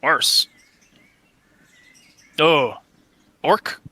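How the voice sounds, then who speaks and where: A man voicing a weathered male mercenary in a tabletop role-play, talking in a halting, folksy way with many pauses. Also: on the high side, pushed and bright, no echo, pitched above the performer's own voice, heavily acted. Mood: gruff. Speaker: game master voicing a character.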